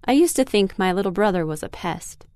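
A woman's voice: mid-range voice, expressive, a little fast, darkish tone, smooth, dry recording, studio quality. A woman reading a children's story aloud expressively in the first person, as a young girl. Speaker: narrator.

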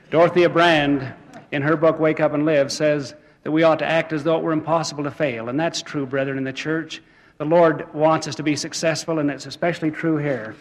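A man giving an earnest sermon to church brethren, urging them on with some fillers and restarts, with a long hall reverb. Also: a little high. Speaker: church speaker.

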